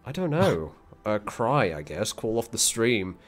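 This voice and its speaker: A man's voice: fairly low pitch, very animated, unhurried. A man hosting a game stream, chatting casually and grumbling wryly about loading problems. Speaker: streamer host. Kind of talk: casual gaming stream chat.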